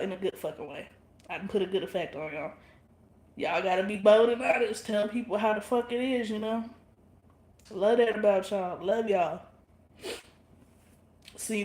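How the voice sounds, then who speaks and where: Blunt, profane woman in an echoey room. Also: mid-range voice. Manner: blunt, profane, laughs often. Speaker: livestream vlogger. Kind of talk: casual livestream chat with viewers.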